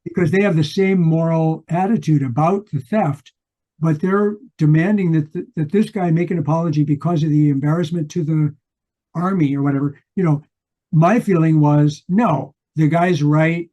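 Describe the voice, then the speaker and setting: A man's voice: a little high, moderate pace, dark tone, lo-fi sound. An older man co-hosting a book podcast, retelling a story in a rambling way with many restarts. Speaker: podcast co-host. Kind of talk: casual book discussion.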